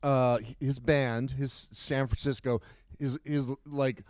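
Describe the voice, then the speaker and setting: A middle-aged man talks in a smooth, resonant voice, rambling through stories with restarts and bursts of excitement. The sound is dry and close, with no room around it. He sounds like a podcast co-host chatting loosely with a friend. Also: mid-range voice, slow pace, dry recording. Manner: animated, rambling storyteller with frequent restarts. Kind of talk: casual chat.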